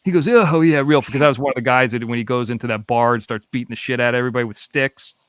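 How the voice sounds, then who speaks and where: A man's voice: medium pitch, fairly even intonation, rapid-fire, a bit bright, no room sound, clean studio sound. A man in his thirties from the Los Angeles area, telling a story in a casual podcast chat, swearing freely and acting out both sides of phone calls. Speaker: podcast host.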